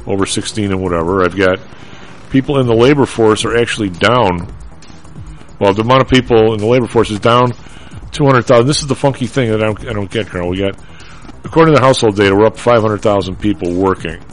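A man's voice: lowish voice, quick pace, soft background music, poor audio. A man hosting a radio talk show about markets, thinking aloud as he reads figures and stumbles over the data.

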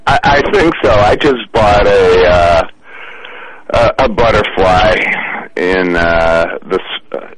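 A man's voice: sits low, takes it slowly, poor audio. A man calling in to a radio show to give a wry, self-deprecating market update. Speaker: market commentator, caller. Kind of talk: casual market chat.

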